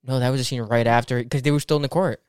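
Young male co-host, mid pitch, clear and dry; hesitant, restarts often in casual review talk. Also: fairly even intonation, quick pace, no echo. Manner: hesitant, restarts and stalls while weighing opinions. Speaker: podcast co-host. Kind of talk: casual movie review chat.

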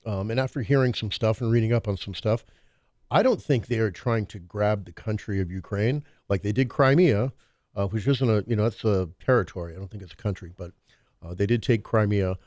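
A man's voice: on the low side, moderate pace, darkish tone, no echo, studio quality. A man hosting a talk radio show, musing on current events in a rambling, hesitant way full of fillers. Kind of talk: casual political talk.

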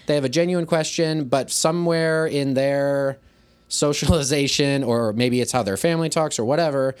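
Easygoing man chatting casually, mid pitch. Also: clear, resonant tone. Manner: easygoing, acts out quoted lines in a livelier voice; thinks aloud, many restarts and hedges. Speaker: podcast co-host, high school teacher. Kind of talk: casual conversation.

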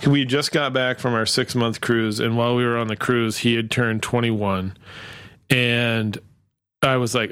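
A man's voice: mid-range voice, steady tone, a little slow, fairly bright tone, clean tone. A man hosting a casual podcast chat, rambling through a story with lots of restarts and chuckling as he goes. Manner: rambling, full of fillers and restarts, laughs while telling. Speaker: podcast host.

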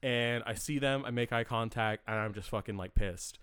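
A man telling an animated, profanity-laced story in casual chat, acting out the quotes. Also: medium pitch, normal speed, smooth. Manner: animated, swears constantly, acts out quotes.

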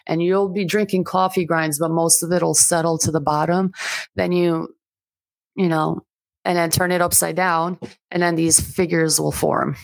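Woman guest, albanian first language, lower voice, swears a lot, does little voices, dry mic. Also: flat delivery, moderate pace, creaky, no room sound. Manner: chatty, swearing, acts out quoted voices with big pitch jumps. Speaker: podcast guest. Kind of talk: casual chat.

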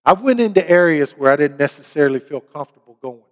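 A middle-aged man delivers a sermon from a church pulpit. He tells a personal story with earnest conviction and builds to emphatic preaching. His voice sits a bit high for a man, and a long reverb from the large hall trails after each phrase. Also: lively intonation, fast. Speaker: pastor.

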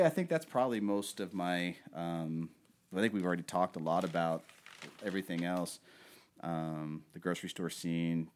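A man hosting a podcast, chatting casually about a film in a rambling way with lots of fillers. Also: low voice. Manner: rambling, many fillers, acts out movie quotes. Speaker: podcast host.

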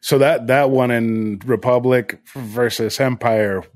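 A man's voice: mid-range voice, steady tone, takes it slowly, no room sound. An easygoing man guesting on a gaming podcast, often breaking into laughter mid-sentence. His mid-range voice sits close and dry on the mic. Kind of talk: casual chat.

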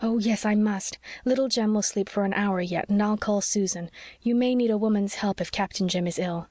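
Young wife, eager n quick, kinda anxious, woman reading her. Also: medium pitch, dark tone, no room sound, clean studio sound, lightly acted. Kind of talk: audiobook character reading.

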